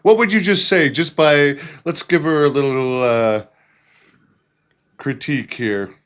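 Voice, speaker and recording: A man hosting an interview podcast, asking halting, rambling questions. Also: a little high, fairly bright tone, clean tone. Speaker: podcast host.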